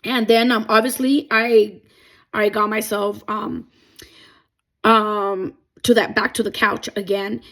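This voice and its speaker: A woman's voice: mid-range voice, flat delivery, slow, a bit bright. A young adult woman telling a personal faith testimony, emotional and rambling with many fillers. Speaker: testimony vlogger.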